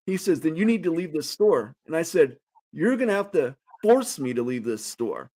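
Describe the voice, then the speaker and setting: A middle-aged man hosting a casual talk show, telling a story with lively acted-out quotes. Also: a little high, normal speed. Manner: animated storyteller, loud when acting out quotes. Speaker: host.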